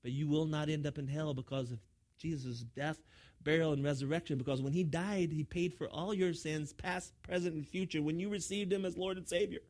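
A man's voice: on the high side, fairly even intonation, fairly quick, darkish tone. A man preaching a sermon as pastor, emphatic, often repeating his words as he drives a point home.

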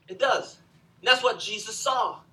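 Preacher guy, high bright voice, kinda far from the mic, gets loud then quiet. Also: a little slow. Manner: animated storytelling, swings from loud to hushed. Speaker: pastor. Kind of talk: sermon.

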